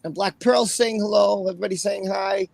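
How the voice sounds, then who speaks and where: High gravelly-voiced man hosting a livestream. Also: steady tone, a little fast, no echo. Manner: greets chat viewers by name, chatty. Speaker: livestream host. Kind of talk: casual livestream chat.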